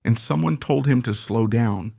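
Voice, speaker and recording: A man's voice: medium pitch, normal speed, creaky, dark tone, no room sound, studio quality. A man giving opinionated current-affairs commentary, repeating his points with emphasis and pressing rhetorical questions. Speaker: political commentator.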